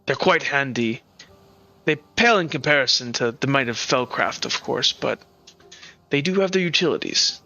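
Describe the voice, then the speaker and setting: A man voicing a haughty masked male spirit who speaks stiffly and formally, slow and measured. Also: medium pitch, expressive, pushed and bright, dull audio. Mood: smug.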